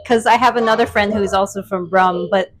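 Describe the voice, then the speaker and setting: A young American woman hosts a casual vlog chat in a middle-pitched, everyday voice. She sounds upbeat and chatty, laughing readily with her guest in a café. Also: fairly even intonation, fairly quick. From United States. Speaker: vlog host.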